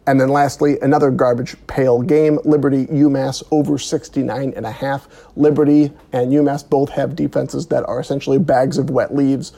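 A man giving his sports betting picks on a podcast, talking in a crude, deadpan way. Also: medium pitch, moderate pace, vocal fry. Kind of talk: casual sports betting banter.

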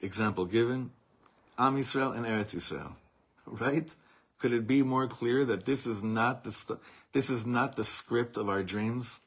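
A man's voice: mid-range voice, breathy edge. A man, a rabbi, giving an impassioned lesson, mixing Hebrew phrases into his English and swelling in volume at dramatic peaks. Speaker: rabbi teaching a class.

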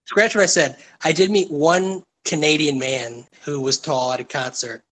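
On a casual podcast, a male co-host launches into profane, emphatic rants. His voice is on the high side with fairly bright tone and fairly even intonation, delivered at a moderate pace over slight background noise.

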